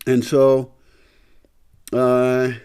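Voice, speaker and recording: A man's voice: mid-range voice, completely flat delivery, extremely slow, mellow, clean tone. A man talking casually to his camera in a vlog, rambling and thinking aloud with many fillers, his speech a little muffled by a candy in his mouth. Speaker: vlogger. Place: house indoors before dawn.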